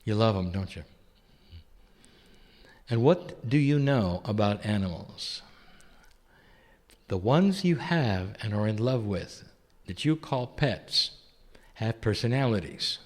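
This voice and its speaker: A man channeling an ancient loving spirit entity that addresses listeners tenderly, asking rhetorical questions and chuckling softly. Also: fairly low pitch, expressive, takes it slowly, long pauses. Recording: long hall reverb.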